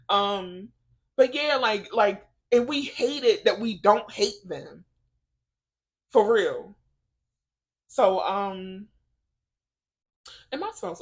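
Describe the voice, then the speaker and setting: A woman vlogging in a casual, faith-based chat, telling stories in an animated, emotional way with lots of laughter and "like". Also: medium pitch, extremely slow, pauses often. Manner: chatty storytelling, lots of "like".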